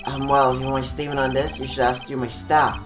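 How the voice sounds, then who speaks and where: A man's voice: medium pitch, little pitch movement, quick pace, echoey room, far from the mic, music in the background, lightly acted. A man putting on a spacey laid-back actor dude.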